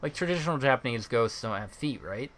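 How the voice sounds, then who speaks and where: A man voicing a gruff, burly middle-aged man, reading his blunt, teasing lines in his own plain voice. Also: medium pitch, expressive, a little fast, fairly bright tone, natural voice.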